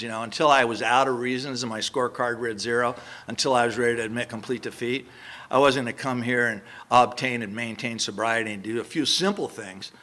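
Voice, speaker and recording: A man in his sixties from Southern California speaks at a recovery meeting in a sharp-toned, mid-range voice. He tells his personal story bluntly and earthily, rambling with "you know" asides.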